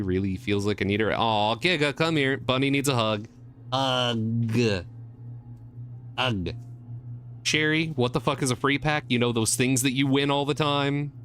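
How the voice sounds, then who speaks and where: A man chatting casually on a live stream, excitable, swinging from mumbles to squeals. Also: medium pitch.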